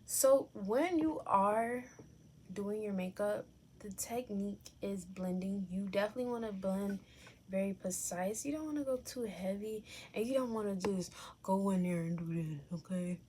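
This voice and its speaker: Here a young adult woman talks through a makeup tutorial from home in a chatty, candid way, fixing her words as she goes. She's a makeup vlogger with a medium-pitched, darkish voice at normal speed, over slight background noise.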